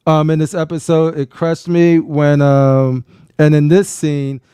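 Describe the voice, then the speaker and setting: A man co-hosting a relaxed watch-along podcast with a smooth, resonant voice pitched a little high. He talks fast and acts out scenes in quick voices. The sound is dry and close. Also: no echo. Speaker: podcast co-host. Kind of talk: casual watch-along chat.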